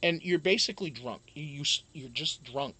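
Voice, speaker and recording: A man's voice: a little high, moderate pace, sharp tone, slightly rough. A man hosting a live stream, telling a rambling, profane story and answering chat casually. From Wisconsin.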